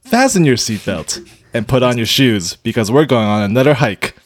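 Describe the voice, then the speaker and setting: A man's voice: mid-range voice, expressive, normal speed, lightly acted. A man voicing an airline pilot making a mock-formal cabin announcement.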